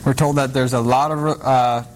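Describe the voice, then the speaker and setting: A man's voice: medium pitch, fairly even intonation, moderate pace, slight background noise. Plain-spoken man, baker guest. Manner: practical, explaining plainly with fillers. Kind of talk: casual chat.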